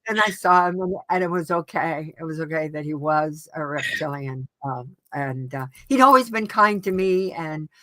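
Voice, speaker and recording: Woman, interview guest, low voice, dry close sound, earnest, halting, restarts often. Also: fairly bright tone, dry recording. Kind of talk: casual personal storytelling.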